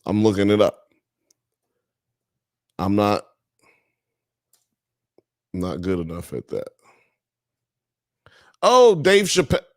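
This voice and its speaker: With a fairly low voice and huge pitch swings, a live-show host from the US South and Midwest takes things slowly, leaving long pauses. He's laid-back, reading chat comments aloud and riffing on them. The sound is clean studio quality with no echo.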